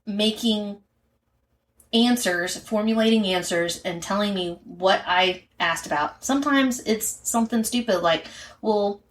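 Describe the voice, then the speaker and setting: A woman co-host speaks in an earnest, methodical way, laying out each point in order as she chats. Her voice sits at an ordinary middle pitch, and her talk stays conversational and unscripted throughout. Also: unhurried. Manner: earnest, explains step by step. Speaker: podcast co-host, mother. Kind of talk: casual chat.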